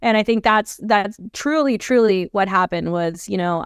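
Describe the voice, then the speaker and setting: Very smooth-voiced earnest woman guest. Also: mid-range voice, moderate pace, few pauses, dry recording, clean studio sound. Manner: earnest, stresses points and checks in with a "right?". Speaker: guest, gym manager. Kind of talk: casual business interview.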